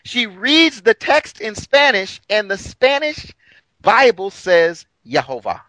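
A man's voice: high voice, sing-song, slow pace, sharp tone, dry recording, poor audio. A man telling a long story in an emphatic way during a podcast conversation. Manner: emphatic, retells dialogue with exaggerated quoted voices. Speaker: guest.

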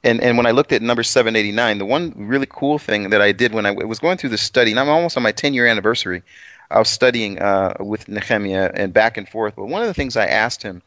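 A man's voice: lowish voice, quick pace, a bit bright, no echo. A man co-hosting a casual Bible study discussion, talking eagerly and poking fun at himself. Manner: eager and self-deprecating. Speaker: co-host. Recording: dull lo-fi sound.

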